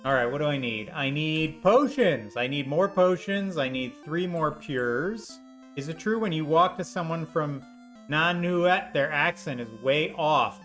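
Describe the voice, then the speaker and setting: A man's voice: a little high, animated, a little slow, fairly bright tone. A man giving sarcastic, rambling commentary while playing an old role-playing video game. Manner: sarcastic, rambling jokey asides. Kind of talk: gameplay commentary. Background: faint game music.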